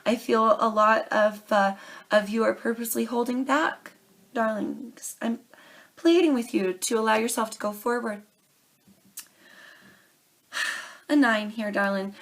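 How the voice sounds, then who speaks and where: Young woman reading tarot cards, earnest and pleading, kinda high voice, keeps saying darling. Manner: earnest, pleading, calls viewers darling and baby. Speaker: tarot reader. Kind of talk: casual tarot reading to camera.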